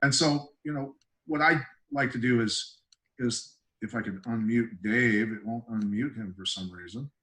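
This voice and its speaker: A man's voice: medium pitch, a little slow, bright, forceful tone, reverberant. A man hosting a casual video call, affirming and conversational. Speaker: host. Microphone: video call microphone.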